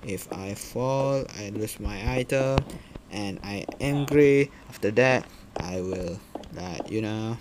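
A man narrates his game in slow, halting, broken English, stopping often for fillers. He talks back to the characters on screen and swears when annoyed. There is a steady hiss of noise under his voice on the recording. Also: fairly low pitch. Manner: broken, hesitant non-native English with fillers. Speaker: gameplay commentator. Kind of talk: casual gameplay commentary.

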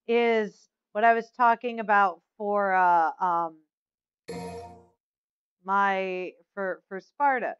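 A woman hosting a let's play, giving loud commentary full of exclamations and frustrated swearing. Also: mid-range voice, takes it slowly, long pauses, clean tone, no room sound, lo-fi sound. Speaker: gaming channel host. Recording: game music under the voice. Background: game music.

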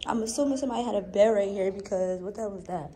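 A woman's voice: mid-range voice, rapid-fire, mellow. A woman in her twenties chatting casually to her viewers in a vlog. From New York. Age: 20s. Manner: chatty, addresses viewers as y'all. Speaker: vlogger. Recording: noisy background.

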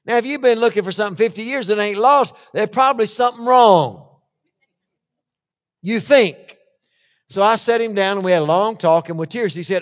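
A man preaching a sermon, swinging from hushed asides to shouted lists and acting out the voices he quotes. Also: sits high, normal speed. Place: church hall. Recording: long church-hall reverb.

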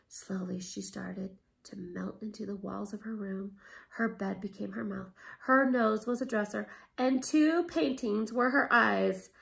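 A woman art teacher reading a picture book aloud with expressive, animated storytelling, then explaining a class project. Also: medium pitch, unhurried, creaky.

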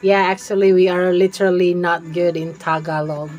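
A woman's voice: on the low side, fairly even intonation, moderate pace, a little mellow, faint music behind. A young woman with a Visayan Filipino accent chatting casually and giggling with viewers as she streams a game. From Visayas, Philippines. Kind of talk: casual live-stream chat while playing.

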